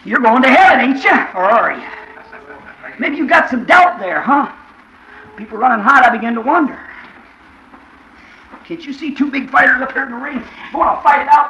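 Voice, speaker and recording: A fervent male preacher with a high, bright, cutting voice and a gravelly edge. His pitch leaps wildly, from hushed asides to cried-out shouts. He keeps pressing the congregation with questions. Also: expressive, a little fast, pauses often, muffled recording. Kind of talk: sermon.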